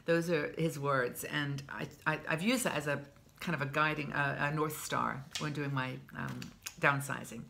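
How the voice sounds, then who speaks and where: A woman in her sixties with a low voice and a gravelly touch of fry, talking straight to camera as a vlog host. She is chatty and heartfelt, often starting a phrase over as she goes. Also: steady tone, normal speed, bright, forceful tone, slight background noise. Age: 60s. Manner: chatty and heartfelt, with frequent restarts. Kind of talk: casual advice talk to camera.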